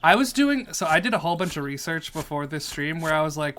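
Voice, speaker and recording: Guy streaming a game, kinda high bright voice, goofing around and joking w chat, little game music under it. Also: animated, quick pace, few pauses, a little hiss or hum. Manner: goofy and jokey, reads chat aloud and answers it. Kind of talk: casual live-stream commentary while playing.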